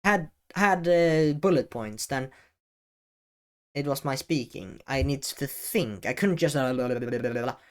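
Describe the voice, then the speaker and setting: A man in a talking-head video addresses the camera at a middle pitch. He speaks deliberately, pausing often and leaning hard on important words. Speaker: educational video creator. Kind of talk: talking-head advice vlog. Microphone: camera-facing setup.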